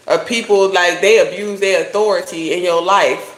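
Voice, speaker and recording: A woman's voice: lowish voice, fairly even intonation, moderate pace, reverberant. A woman doing a casual tarot reading, talking bluntly with lots of swearing and preachy advice. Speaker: tarot reader.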